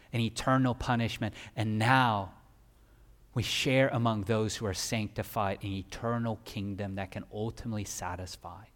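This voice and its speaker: A male pastor preaching a sermon emphatically, swinging from loud peaks down to quiet. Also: medium pitch. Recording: long hall reverb.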